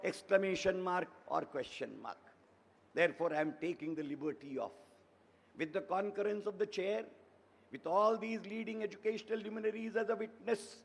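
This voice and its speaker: Older Indian man, oratorical, high and gravelly. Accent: Indian English. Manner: oratorical, emphatic, piles up repeated phrases. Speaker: convocation speaker. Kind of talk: formal ceremonial address. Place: large convocation hall. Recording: echoey hall reverb.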